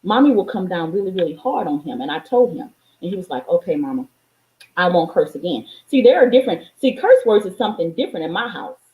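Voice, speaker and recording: A woman's voice: medium pitch, echoey room, rough recording. A woman life coach and mother talking straight to her viewers in an emphatic, preachy way. She repeats lines for stress and swears freely. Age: adult, parent of a young child. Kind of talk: motivational vlog monologue.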